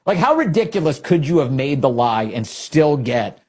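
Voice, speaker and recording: A man's voice: a little high, big pitch swings, normal speed, hardly any pauses, a little mellow, breathy edge. A man hosting casual political commentary, talking in a sarcastic, mocking way.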